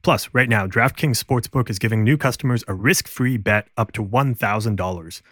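A man's voice: fairly low pitch, normal speed, a bit bright, dry recording. Male ad read, upbeat, polished, dry studio sound. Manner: upbeat, polished sales delivery. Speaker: ad reader. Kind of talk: read sponsor advertisement.

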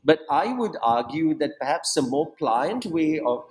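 A man's voice: fairly high pitch, sing-song, unhurried, low-quality recording. A man being interviewed about his book, talking in a reflective way with frequent asides and restarts. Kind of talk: academic interview.

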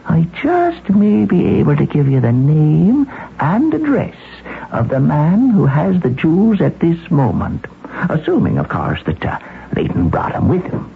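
A shrewd, self-assured police chief in an old-time radio drama, talking in a breezy, folksy way. His pitch swings widely. The old broadcast sounds thin and phone-like, with a faint hiss. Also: huge pitch swings, unhurried, gravelly, slightly rough, heavily acted. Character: confident, shrewd Boston police chief, middle-aged man.

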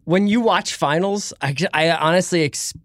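Higher-voiced man riffing on football. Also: normal speed, dry recording, clean studio sound. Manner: animated, rambling, restarts and jokes. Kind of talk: casual sports chat.

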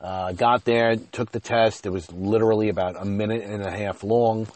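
A man with a deep, low voice tells a long story on his podcast, rambling and poking fun at himself. He says "you know" constantly, and his voice shoots up and gets loud whenever he acts out an argument. The sound is close and dry, with no room echo. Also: fairly even intonation, moderate pace. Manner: rambling, self-deprecating, heavy on "you know"; gets loud and high when retelling arguments. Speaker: podcast host. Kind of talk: casual storytelling monologue. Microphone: podcast mic.

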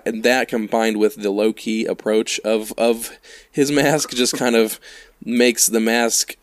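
A man's voice: on the low side, dry recording. A man talking casually on a podcast, repeating words as he works his way through a point about a movie. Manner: hesitant, repeats words while building a point. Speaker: podcast co-host. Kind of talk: casual film review chat.

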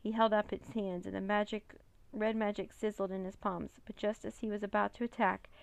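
A woman reads a children's chapter book aloud in a steady, plain manner. Her voice has a gravelly, creaky texture, and the recording is dry and close, with no room sound. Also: medium pitch, fairly quick, dry recording. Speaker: narrator. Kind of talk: storybook read-aloud.

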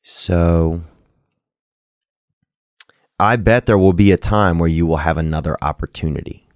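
Call-in host, man, very low voice, dry close sound, loose and crude but caring. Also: measured pace, darkish tone, no echo. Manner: loose, rambling, crude jokes with sincere advice. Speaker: podcast host taking calls. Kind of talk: casual call-in show chat.

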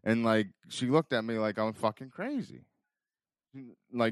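A man's voice: mid-range voice, lively intonation, unhurried, smooth, no echo. A man co-hosting a podcast, telling stories in casual chat with lots of swearing and acted-out quotes. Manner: profane storyteller, acts out quotes. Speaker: podcast co-host.

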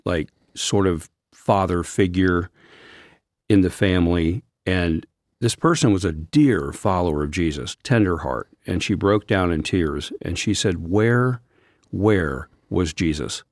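Low-voiced male counselor, earnest and gentle, dry close mic. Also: a little slow, no echo. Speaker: Christian counselor and podcast co-host. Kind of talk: reflective faith discussion.

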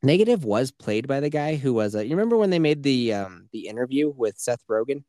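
Male podcast host, lively swooping delivery, dry close sound, swears freely while mocking a game plot. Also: mid-range voice, a little fast, no room sound. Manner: profane, animated, mocking retelling. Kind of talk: casual game review chat.

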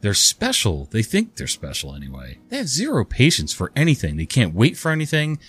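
A man's voice: medium pitch, brisk, husky, soft background music. A man reading online revenge stories aloud and chatting wryly about them between stories. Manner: wry, conversational, animated. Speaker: story narrator.

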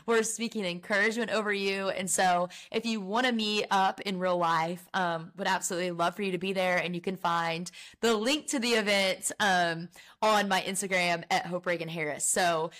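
A woman's voice: mid-range voice, steady tone, moderate pace, a bit bright. A young woman, a guest on a podcast, talking about faith and her book in an earnest, heartfelt way with many fillers. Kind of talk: casual faith chat.

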